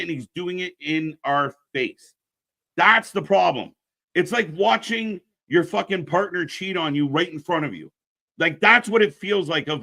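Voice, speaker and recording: A man's voice: gravelly, pushed and bright. A man hosting a live wrestling stream, ranting bluntly, swearing freely and plugging upcoming shows to viewers. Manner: pitches channel shows to viewers. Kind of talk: casual live-stream commentary.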